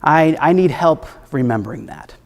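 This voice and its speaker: A man preaching a sermon as minister, reflective and gently humorous, his voice at times dropping soft. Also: fairly high pitch, animated, normal speed. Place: church sanctuary. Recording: echoey hall with long reverb.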